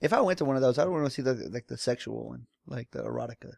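A man, a podcast guest chatting easygoing and halting. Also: medium pitch, animated, creaky, a little mellow, dry recording, studio quality. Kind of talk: casual podcast chat.

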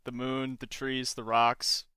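A man's voice: mid-range voice, little pitch movement, slow, sharp tone, smooth, dry recording, studio quality. A young man hosting a casual podcast chat, joking and ironic, often laughing. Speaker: podcast host.

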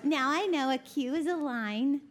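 A woman's voice: high voice, measured pace, noisy background. A woman speaking at a women's conference, chatty and jokey, laughing often before turning earnest in her sermon. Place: conference session hall.

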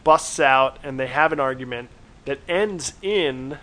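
A man's voice: mid-range voice, bright, forceful tone. Man casually recapping a plot. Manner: retells plot with quick asides, acts out quotes. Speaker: podcast co-host.

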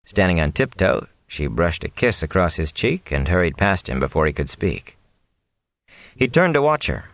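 Deep-voiced expressive male storyteller. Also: moderate pace, no room sound. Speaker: audiobook narrator. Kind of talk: scripted narration.

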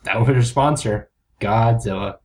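A man's voice: mid-range voice, a little slow, a little mellow, breathy edge. Rambling comedy podcast co-host, a man. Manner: loose, rambling, fumbles words. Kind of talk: casual comedy podcast banter.

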